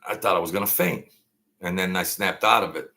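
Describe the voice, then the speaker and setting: A gravelly, low-voiced man in his sixties from Brooklyn hosts a casual late-night livestream. He rambles and restarts, airs strong opinions and reads out viewer names as he goes. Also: fairly quick, pushed and bright. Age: 60s. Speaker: livestream host.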